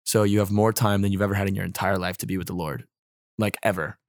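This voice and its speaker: A man's voice: deep voice, fairly even intonation, quick pace, no room sound, clean studio sound. A young man in his twenties, a podcast guest chatting casually, with lots of "like" and "um" fillers. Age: 20s. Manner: rambling, heavy on fillers like "like" and "um". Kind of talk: casual chat.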